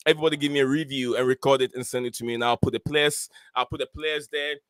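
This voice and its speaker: A man hosting a live football review stream, talking in an excited, rambling way with many fillers. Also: mid-range voice, fast, no echo. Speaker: host.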